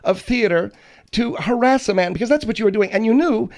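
A man's voice: sits high, a little fast, a little mellow. A male radio host who scolds and mocks his guests with sarcastic outbursts. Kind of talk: talk radio comedy.

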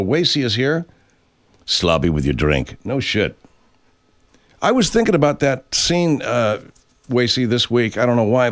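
An older man hosting a casual live chat show from a home studio, rambling, swearing freely and reading out viewers' names and messages. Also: medium pitch. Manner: rambling, profane, reads names and messages aloud. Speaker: host.

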